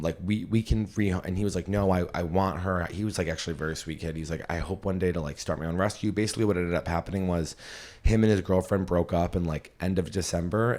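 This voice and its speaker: A young adult man with a deep, low-pitched voice hosts a casual podcast. He tells his story in a loose, rambling way, open and emotional as he goes. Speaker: podcast host and comedian.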